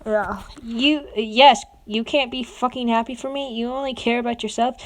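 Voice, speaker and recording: Woman reading hurt, foul-mouthed teen boy; bitter, accusing, swearing, fairly high voice. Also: fairly even intonation, moderate pace, natural voice.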